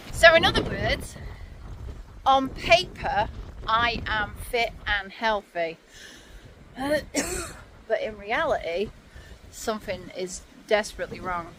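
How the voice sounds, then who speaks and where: A woman in her forties talks breathlessly into her phone, her voice a touch high and her phrases broken by sighs. She is outdoors on a windy hillside, and loud wind noise rushes across the phone mic. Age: 40s. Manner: chatty and candid, pausing to sigh and catch breath. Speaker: vlogger. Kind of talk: casual talk to camera while walking. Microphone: handheld phone.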